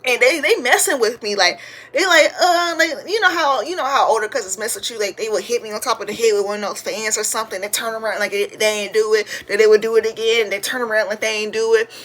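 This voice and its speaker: A woman in her twenties hosting a podcast, telling a funny story in a chatty, slangy way, sometimes breaking into loud shouted praise. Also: a little high, fast talker. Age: 20s. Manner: slangy, chatty, addresses listeners as y'all. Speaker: podcast host. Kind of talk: casual storytelling to listeners.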